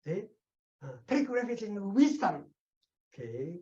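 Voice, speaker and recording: A man lectures on a Buddhist text, stressing key words and stopping to ask "okay?" and "see?". His voice is slightly high but mellow. The recording sounds a little dull and lo-fi. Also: sing-song, measured pace. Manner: emphatic, repeats "okay?" and "see?" to check understanding. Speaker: Buddhist teacher.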